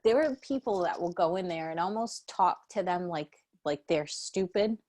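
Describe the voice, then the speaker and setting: Young woman co-host, lower voice, sweary storyteller, fed-up tone. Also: animated, normal speed, a little mellow. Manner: storytelling, profane, exasperated. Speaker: podcast co-host. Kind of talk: casual chat.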